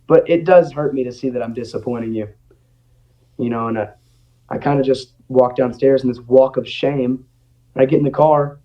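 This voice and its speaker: A young man telling a personal story in casual chat, acting out what people said. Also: medium pitch. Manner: animated, acts out quotes. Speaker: guest. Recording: dull lo-fi audio.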